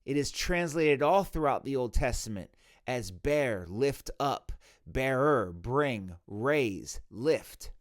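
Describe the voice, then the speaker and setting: A man's voice: medium pitch, lively intonation, takes it slowly. A man hosting a Christian reaction video, arguing emphatically and reading scripture aloud. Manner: emphatic, argumentative, quoting scripture. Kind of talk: reaction commentary and Bible teaching.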